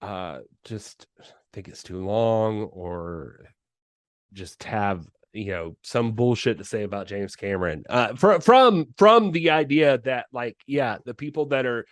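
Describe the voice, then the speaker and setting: A man's voice: lowish voice, lively intonation, dry recording. Rambling man on a dry mic. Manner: rambling, halting, lots of fillers and swearing. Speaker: podcast co-host. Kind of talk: casual film podcast chat.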